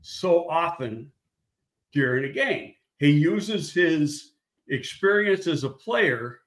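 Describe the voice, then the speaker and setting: A man's voice: a little high, lively intonation, slow, a bit bright. Blunt older man telling stories, echoey room. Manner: blunt, rambling storyteller with restarts and swearing. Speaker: guest, former football scout. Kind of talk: casual storytelling chat.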